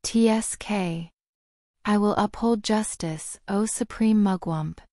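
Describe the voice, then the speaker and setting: A woman's voice: mid-range voice, takes it slowly, a little mellow, dry recording, lightly acted. A woman voicing a stiff, sardonic male wizard ambassador with an Australian accent, talking curtly and dryly in an audiobook reading. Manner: curt and dry.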